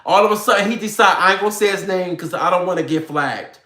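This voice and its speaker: A man's voice: high voice, fast talker. Fired-up profane man ranting. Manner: animated, profane, slangy, addresses viewers directly. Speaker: online commentator. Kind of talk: ranting talk to viewers. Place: home room with a computer. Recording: roomy echo.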